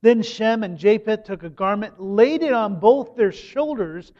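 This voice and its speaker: A man with a high voice preaches in an earnest, measured way, stressing his warnings by repeating them. The recording sounds dull and lo-fi, with the top end rolled off. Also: a little mellow. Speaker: pastor. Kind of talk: sermon.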